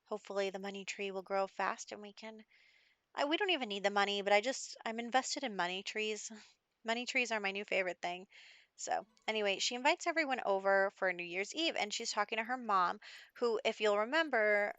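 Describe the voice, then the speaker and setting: A chatty woman talks through her life-sim gameplay like she's telling a friend a story, leaning on "like" and "you know". Her voice sits at an ordinary middle pitch and sounds close and dry, with no room around it. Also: brisk, a bit bright, clear, resonant tone, no echo. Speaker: Sims let's play host. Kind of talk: casual gameplay narration.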